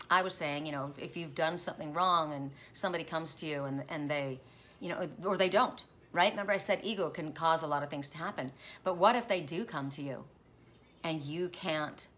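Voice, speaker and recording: A woman's voice: deep voice, a bit bright. A middle-aged woman, a tarot reader, telling a personal dream story in a rambling, self-interrupting way. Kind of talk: casual spoken storytelling.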